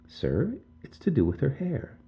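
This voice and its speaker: A man's voice: medium pitch, wildly swooping pitch, a little slow, dark tone, pitched above the performer's own voice. A man voicing a worried, tearful middle-aged village mother who pleads deferentially and keeps calling him sir. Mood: worried pleading. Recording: tinny phone-like audio.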